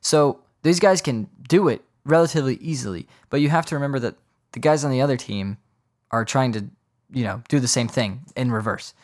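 A man's voice: medium pitch, a little fast. A man hosting a solo sports podcast, talking off the cuff in a rambling way, correcting himself often and dropping joking asides. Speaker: podcast host.

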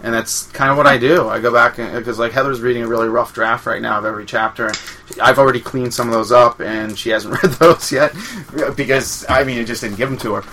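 A man hosting a casual chat, easygoing and quick to laugh. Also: mid-range voice, steady tone, sharp tone, a little hiss or hum.

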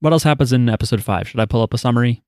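A man's voice: medium pitch, very fast, darkish tone, no room sound, clean studio sound. A man co-hosting a podcast, chatting in a loose, rambling way and cursing casually. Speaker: podcast co-host. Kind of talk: casual chat.

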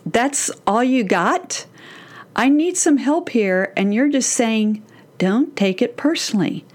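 A woman's voice: mid-range voice, darkish tone. A middle-aged woman hosting a solo parenting podcast, talking directly and encouragingly to mothers.

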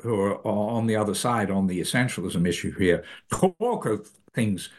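An older man, a philosopher and author, explaining ideas in an interview in a thoughtful, halting way with frequent restarts. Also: lowish voice. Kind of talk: academic interview answers.

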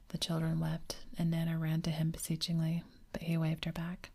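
Whispering woman reading a story, gravelly. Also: low voice, monotone, normal speed, hardly any pauses, a little mellow. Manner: whispered throughout.

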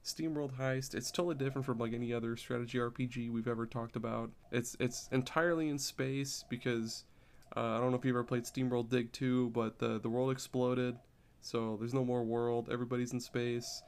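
Guy on a podcast, gravelly voice, pretty flat delivery, keeps repeating himself. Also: mid-range voice, fairly quick. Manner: rambling, repeats words while explaining. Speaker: podcast co-host. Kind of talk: casual podcast chat.

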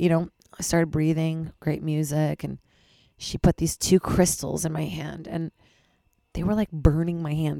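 A woman hosting her own podcast, talking frankly and rambling, swearing and poking fun at herself, with a hoarse voice from losing it. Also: deep voice, darkish tone, dry recording, clean studio sound. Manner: frank, rambling, swears freely, self-deprecating. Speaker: podcast host. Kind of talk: candid solo podcast monologue.

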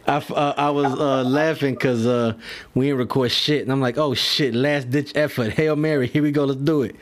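A man's voice: mid-range voice, steady tone, moderate pace. A man hosting a podcast, ranting casually and profanely, exasperated and rambling with restarts. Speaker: podcast host.

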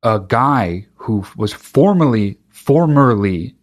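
A podcast host talks alone in a casual monologue, ranting with emphatic profanity and restarting often. His medium-pitched voice is expressive and his pace slow.

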